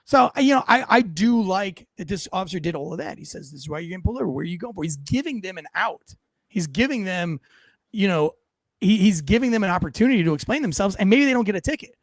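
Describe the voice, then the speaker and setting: A man who was a police officer, giving blunt, profane, animated commentary on footage. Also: sits high, fast, no echo. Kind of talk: casual reaction commentary.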